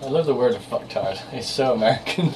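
A man's voice: medium pitch, expressive, fairly quick, vocal fry, darkish tone. A man, co-hosting a casual podcast chat, telling stories and laughing often. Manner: chatty storyteller, laughs often. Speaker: podcast co-host. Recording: distant mic with faint hiss.

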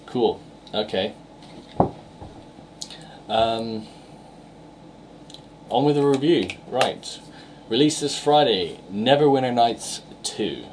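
A man's voice: medium pitch, expressive, takes it slowly, long pauses, background noise. A young English man co-hosting a casual game podcast, rambling with fillers and restarts. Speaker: podcast co-host reviewing games.

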